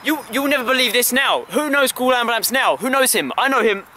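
A young man with a very high, bright voice rants in a stammering, repetitive comic style, breaking into shouts. He is filmed outdoors on a friend's handheld camera, with faint outdoor noise behind him. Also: animated, fairly quick. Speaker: channel host. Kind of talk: comic ranting vlog. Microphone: camera held by a friend.

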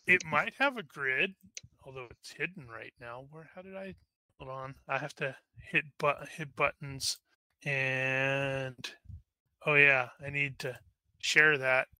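A man's voice: medium pitch, takes it slowly, pushed and bright, clear, resonant tone, no echo. A man narrating as game master of an online tabletop game, rambling with many fillers and restarts.

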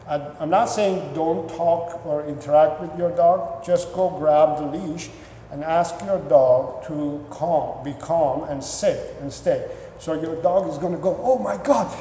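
A man's voice: fairly high pitch, a little hiss or hum. Dog trainer, man, echoey room. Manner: repeats words, restarts sentences, acts out excited owner voices. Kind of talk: instructional talk to viewers. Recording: echoey room with long reverb.

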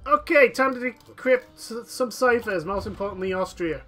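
Bright high-pitched rambling male gamer. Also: normal speed, soft background music. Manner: rambling, self-correcting, lots of fillers. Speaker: gaming commentator. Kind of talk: strategy game let's play.

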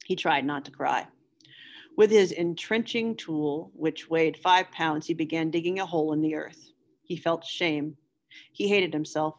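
A woman teacher reads a novel aloud for her students in a measured, steady pace of narration. Her voice sits low for a woman.

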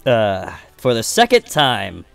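Slow gravelly young man, laughing co-host. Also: on the low side, huge pitch swings, fairly bright tone, faint music behind. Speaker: co-commentator. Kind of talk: casual gaming commentary.

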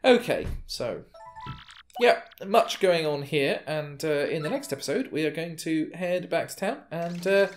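Man doing relaxed game commentary. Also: on the high side, normal speed, few pauses, soft background music. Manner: relaxed, hesitant with fillers. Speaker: let's play host. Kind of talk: casual gameplay commentary.

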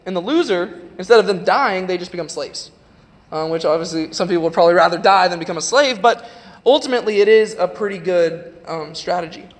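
A young man giving a casual, chatty youth sermon in a church, retelling a story with lots of "like". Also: high voice. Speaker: youth preacher. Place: church sanctuary. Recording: long hall reverb.

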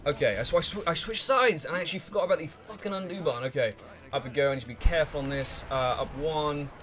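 With a voice on the high side and a fast delivery, a man commentates his let's play. He's excitable, swears freely, hums to himself while he thinks, and shouts at the game characters.

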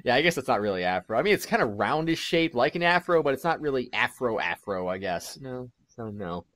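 A man's voice: mid-range voice, animated, brisk. A man hosting a video game play-through, chatting casually, giggling and rambling. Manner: giggly, rambling, trails off quietly. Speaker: let's play host.

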